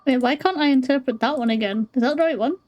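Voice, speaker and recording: A woman's voice: high-pitched, fast, darkish tone. A woman chatting casually over a game, laughing often and making joking asides. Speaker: gamer. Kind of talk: casual let's-play commentary.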